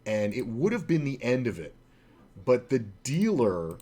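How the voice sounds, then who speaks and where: A poker streamer and former casino dealer trainer tells a long, casual story in a lowish, slightly mellow voice with lively intonation and moderate pace. He rambles and swears, filling his speech with lots of "uh"s and restarts.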